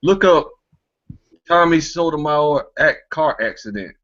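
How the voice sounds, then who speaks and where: A man's voice: fairly high pitch, animated, unhurried, a bit bright, lo-fi sound. A man hosting a casual online talk show, rambling and filling with a stock phrase. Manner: rambling, fills with "you know what I'm saying".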